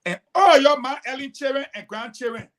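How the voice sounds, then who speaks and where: A woman delivers fierce political commentary on a talk show. Her voice sits high, and she jumps from loud, emphatic bursts to low, pointed asides. She is combative and lecturing. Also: brisk. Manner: emphatic, combative, swings between loud outbursts and quiet asides.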